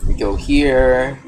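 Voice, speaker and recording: Slow, casual man streaming game dev. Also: mid-range voice, a little mellow, slight background noise. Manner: casual, thinking aloud with restarts.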